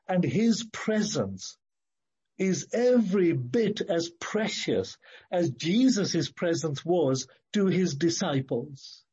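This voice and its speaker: Husky-voiced man preaching a sermon. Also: a little high, mellow, dull audio. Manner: earnest, measured preaching with slow emphatic phrases.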